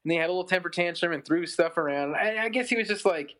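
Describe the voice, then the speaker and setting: A man's voice: high voice, quick pace. A man in his thirties, a musician, telling a long story in a casual podcast chat, full of "like" and acted-out quotes. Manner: rambling, lots of "like", animated quoting. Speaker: musician guest.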